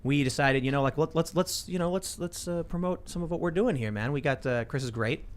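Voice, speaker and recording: A man's voice: on the high side, fairly quick. Rambling man hosting a talk show. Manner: rambling, frequent restarts and repeated words. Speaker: show host. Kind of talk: casual political talk show banter. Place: podcast studio.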